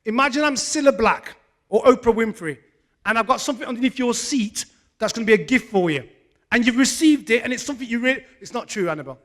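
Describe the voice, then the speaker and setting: A man's voice: extremely high pitch, animated, quick pace, a bit bright. A man hosting a live community event, teasing the audience and joking at his own expense on a handheld microphone. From England. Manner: self-mocking, teasing, comic asides. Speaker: event host. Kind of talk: joking stage banter with the audience.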